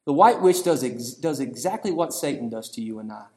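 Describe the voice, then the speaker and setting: A man, preaching a storytelling sermon that swings between hushed passages and shouting. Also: mid-range voice, lively intonation, brisk.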